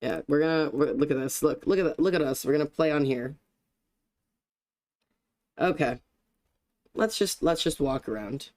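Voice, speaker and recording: A young male streamer with a slightly high voice chats casually with his viewers and greets them by name. He jokes in a self-deprecating way and swears now and then. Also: moderate pace, long pauses, darkish tone. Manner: chatty, joking, greets chat by name. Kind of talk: casual live-stream chat.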